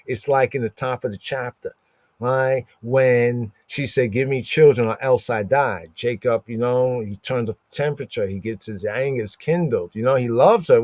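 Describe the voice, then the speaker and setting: A man giving a casual, lively scripture lesson, reading verses aloud and acting out the characters as he explains them. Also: medium pitch, dry recording. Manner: conversational, animated, reads verses and acts out the characters. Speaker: Torah study teacher.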